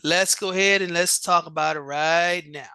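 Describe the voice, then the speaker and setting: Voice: mid-range voice, steady tone, moderate pace, bright, forceful tone, clean tone, dry recording. A coach hosting a live online show and announcing competition vote results with hype, often repeating words and restarting sentences.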